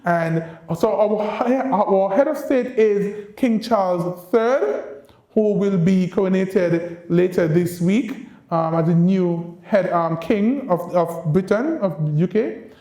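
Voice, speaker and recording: A man from Saint Kitts and Nevis, an ambassador giving a lively university lecture and coaxing the audience to repeat phrases like a teacher. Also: high-pitched, slow. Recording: roomy lecture-room echo.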